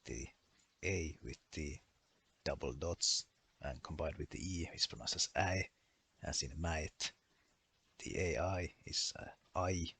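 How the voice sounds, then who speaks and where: A man's voice: rumbling low, measured pace, creaky, long pauses, fairly bright tone, slightly rough. A man narrating a language lesson as a voice-over, going through pronunciation rules methodically and listing one example after another. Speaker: language explainer.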